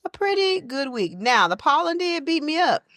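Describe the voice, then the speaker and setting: Lively woman telling a story. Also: high voice, normal speed, no echo. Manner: animated storyteller, acts out quoted people. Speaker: podcast co-host. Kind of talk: casual chat.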